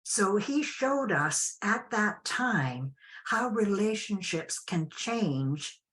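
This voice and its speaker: An older woman telling a personal story as an interview guest, unhurried and reflective with frequent restarts. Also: medium pitch, very animated, a bit bright.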